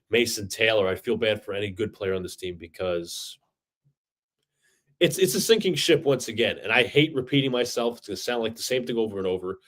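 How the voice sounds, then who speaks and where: A man hosting a live fan stream, venting his frustration in a steady medium-pitched voice. He keeps circling back to the same points and restarts his sentences often, sounding worn down rather than loud. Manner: frustrated, repetitive, stumbling restarts. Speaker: fan podcast host. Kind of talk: livestream rant.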